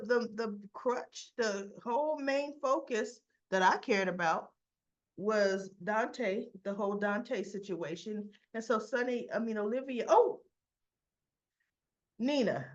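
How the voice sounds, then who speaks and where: A woman's voice: fairly high pitch, lively intonation, measured pace, muffled recording. Chatty woman recapping soap scenes. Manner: chatty, retells scenes with quoted dialogue. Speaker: soap opera reviewer. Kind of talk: casual recap and commentary.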